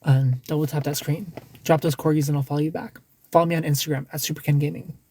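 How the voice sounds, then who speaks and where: A man's voice: on the high side, brisk. A man hosting a casual livestream, giving blunt dating advice with lots of restarts and some swearing.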